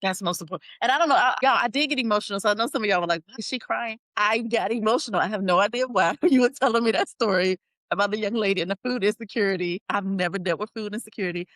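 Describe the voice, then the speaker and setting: A woman hosting a podcast, telling stories in a lively casual chat and acting out what people said. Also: medium pitch, rapid-fire, no echo. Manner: animated storytelling, acts out quotes. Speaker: podcast host.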